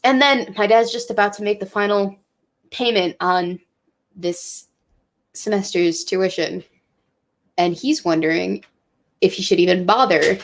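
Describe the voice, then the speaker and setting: A woman's voice: medium pitch, measured pace, long pauses. Young woman vlogger, tipsy, emotional, swears a lot, casual chat. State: drinking, tipsy. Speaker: college student vlogger.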